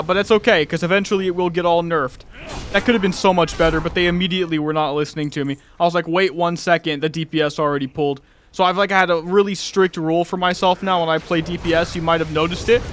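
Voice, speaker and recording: A high-pitched man talks through his gameplay in a loose, chatty way, thinking out loud as he goes. He gets excitable when things heat up, and there is a faint hum of noise behind him. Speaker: gaming youtuber. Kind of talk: casual gameplay commentary.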